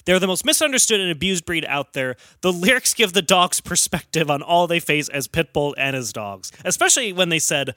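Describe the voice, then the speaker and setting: A man's voice: fairly high pitch, lively intonation, fairly quick, hardly any pauses, bright, forceful tone, no echo, clean studio sound. A young man co-hosting a podcast, teasing his friends in casual comic chat. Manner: teasing, wry. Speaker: podcast co-host.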